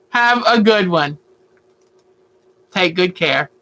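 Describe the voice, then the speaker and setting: A woman, hosting a casual home livestream and chatting warmly with viewers about her day. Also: mid-range voice, measured pace, poor audio. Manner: chatty, talks baby talk to her pet bird. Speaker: quilting channel host. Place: at home, indoors.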